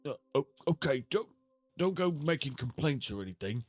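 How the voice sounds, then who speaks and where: A man's voice: mid-range voice, lively intonation, normal speed, no echo, faint music behind, pitched above the performer's own voice, lightly acted. Man playing a stammering city guard. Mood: nervous. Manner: stammering, hesitant.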